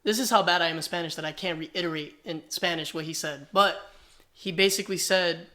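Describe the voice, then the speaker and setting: A man's voice: on the high side, fairly quick. A man, a rapper guest, telling stories in a casual podcast chat, acting out the exchanges he describes. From New Jersey, US. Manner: animated storytelling, acts out quoted exchanges.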